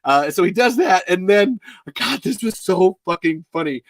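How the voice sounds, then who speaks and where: A man's voice: sits high, expressive, moderate pace, no echo. A man hosting a show, chatting casually in a rambling way, often swearing and laughing. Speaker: host. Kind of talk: casual chat.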